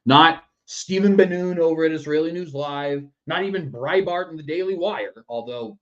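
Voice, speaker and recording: A man's voice: on the high side, normal speed, muffled recording. A man hosting a political commentary show in a sarcastic, mocking manner. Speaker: news commentary host.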